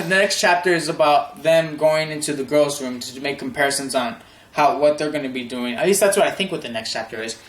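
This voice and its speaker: A young man casually reviewing a manga chapter, excited and rambling, laughing often and stumbling over fillers and restarts. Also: fairly high pitch, echoey room.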